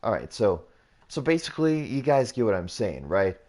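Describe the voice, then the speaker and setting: Brief: male gaming YouTuber, mellow deep voice, loose self-correcting tutorial chatter. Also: big pitch swings, moderate pace. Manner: rambling, repetitive, self-correcting. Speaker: YouTuber hosting a gaming channel. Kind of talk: casual build tutorial commentary.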